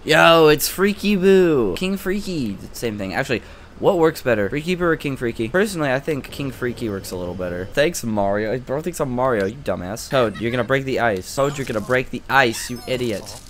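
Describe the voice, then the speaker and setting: A young man giving casual, excitable gameplay commentary with frequent swearing, shouting at characters in the game. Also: mid-range voice, a little fast, a little hiss or hum. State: sore tongue from a cold sore. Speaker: gaming video creator.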